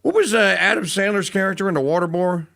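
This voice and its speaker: A man's voice: high-pitched, fast talker, gravelly, fairly bright tone. Middle-aged man, rambling radio host. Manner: rambling, with many fillers and restarts. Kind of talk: casual monologue, storytelling.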